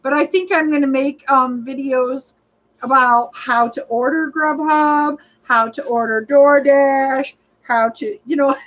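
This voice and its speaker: Chatty high-voiced woman in her forties. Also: steady tone, measured pace, fairly bright tone, rough recording. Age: 40s. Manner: rambling, chatty, greets viewers by name, frequent fillers. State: short of breath at times. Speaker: livestreaming rideshare vlogger. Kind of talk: casual livestream chat reading comments.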